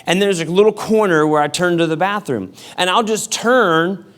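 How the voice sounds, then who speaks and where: A man's voice: high voice, lively intonation, moderate pace, fairly bright tone, smooth. A male pastor giving a sermon in a casual, joking storytelling manner. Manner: casual, humorous storytelling with acted-out quotes.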